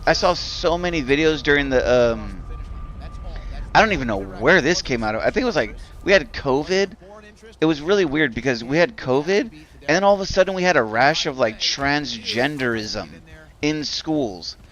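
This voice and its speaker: A man's voice: medium pitch, expressive, normal speed, fairly bright tone, dull audio. A man streaming a game and ranting in a rambling, profane way, filling his talk with "like". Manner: rambling, profane, heavy use of "like". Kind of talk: casual rant while gaming.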